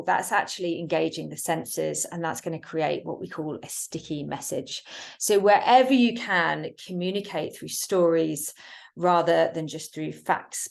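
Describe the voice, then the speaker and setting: A woman teaching workplace communication in a webinar, with a clear, emphatic delivery and deliberate pauses. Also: lowish voice. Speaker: communication trainer.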